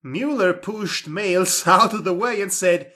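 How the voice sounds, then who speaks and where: A man's voice: high-pitched, a little slow, pushed and bright. A man reading a comic story aloud, breaking off for sarcastic asides. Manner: sarcastic asides and laughter between lines. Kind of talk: comedic dramatic reading.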